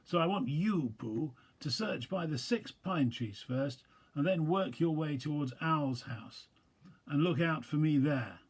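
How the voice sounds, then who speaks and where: A man voicing a bossy male rabbit who gives brisk commands, in a storybook reading. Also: a little high, expressive, husky, pitched above the performer's own voice, exaggerated voice.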